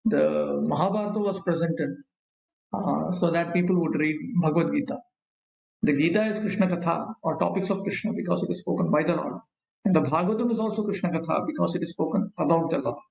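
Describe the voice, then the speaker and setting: A man leads a scripture lesson. He chants verses slowly and explains them with frequent pauses and fillers. His slightly high, gravelly voice rings in an echoey room. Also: darkish tone. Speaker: scripture teacher. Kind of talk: scripture class lecture, reading and explaining verses.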